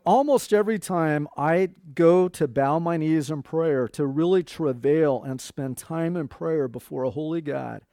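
A man's voice: on the high side, mellow, dry recording, clean studio sound. A middle-aged man preaching a sermon in a conversational way, quoting scripture and talking to his congregation. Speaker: pastor.

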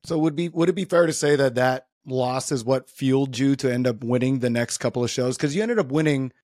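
A male podcast host asks quick follow-up questions at a brisk clip. His voice sits at a middle pitch, and the sound is dry and close. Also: a little mellow, no echo. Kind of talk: casual interview.

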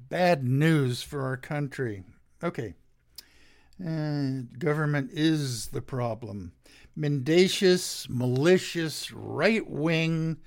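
A man hosting a show, reading political commentary from his notes in a slow, sardonic way with many pauses, his throat drying out. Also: on the high side. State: dry throat. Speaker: podcast host.

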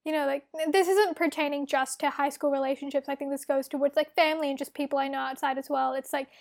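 Young woman, high voice, podcast co-host, candid, swears a lot, casual chat. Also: fast talker, vocal fry. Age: young adult. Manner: candid, animated, swears freely.

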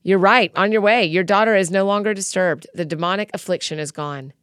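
A woman's voice: medium pitch, a little fast, fairly bright tone, clean tone, no echo, studio quality, natural voice. Jesus, blunt teacher, read by a woman. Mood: firm.

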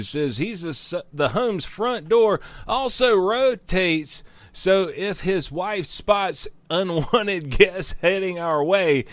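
A man's voice: high-pitched, sharp tone, dry recording. Profane man riffing on odd news. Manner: profane, riffing asides between read-out headlines. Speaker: host reading odd news stories. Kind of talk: comedic news-reading chat with cohosts.

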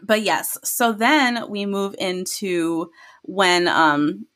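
Woman podcast host, gushing casual recap, laughs a lot, mid-pitched voice. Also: very slow, a bit bright. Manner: gushing, laughs often, acts out scenes in high squeals. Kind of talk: casual chat recapping a drama.

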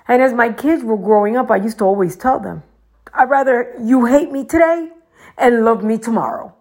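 A woman's voice: medium pitch, creaky, a little mellow, breathy edge. A middle-aged woman giving casual advice to her viewers, chatty and preachy, and she talks straight to them. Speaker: vlogger.

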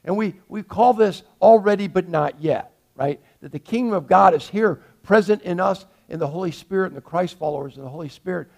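Older male pastor, gravelly, slightly high voice, earnest, loud then hushed. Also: fairly quick, hardly any pauses. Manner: earnest, swings from loud pleading to soft and hushed. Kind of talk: sermon.

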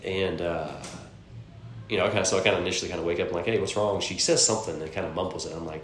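Man, very low voice, rambling casual podcast talk, echoey room, faint rumble. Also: steady tone, fast talker. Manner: rambling storyteller, frequent filler words and swearing. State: congested from a cold. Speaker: podcast co-host.

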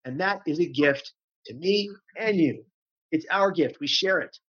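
A man's voice: a little high, measured pace, a bit bright. A man speaking as a guest on mental health, earnest and emphatic, repeating phrases for effect. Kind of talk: passionate conversational storytelling. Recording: dull lo-fi audio.

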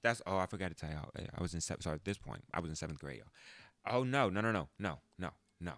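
Animated man telling a story. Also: fast, no room sound. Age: 20s. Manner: animated, profane, jumps into high mock voices when quoting. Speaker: podcast host. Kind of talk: casual storytelling monologue. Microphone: close podcast mic.

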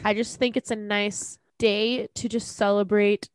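A woman's voice: medium pitch, flat delivery, unhurried, clean tone, dry recording. A young woman co-hosting a casual podcast chat, earnest and sentimental, with lots of "like" and "um". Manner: earnest, sentimental, filler-heavy. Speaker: podcast co-host.

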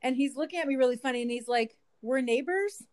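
A woman's voice: high voice, fairly even intonation, rapid-fire, darkish tone. A woman co-hosting a casual podcast, chatting and laughing as she recounts odd encounters. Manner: chatty, laughs often, retells encounters with quoted dialogue. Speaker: podcast co-host. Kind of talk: casual chat.

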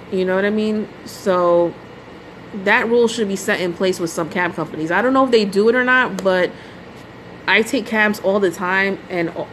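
A woman's voice: medium pitch, a bit bright, slight background noise, rough recording. A woman hosting a solo podcast, telling a story in an exasperated, ranting way with lots of "you know" and "like" and some mild swearing. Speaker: podcast host. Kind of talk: casual solo podcast monologue.

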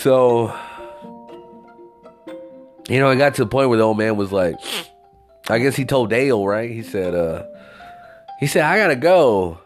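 A man telling a story in a casual, profane, rambling rant with lively swings of pitch. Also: a little slow, long pauses, soft background music.

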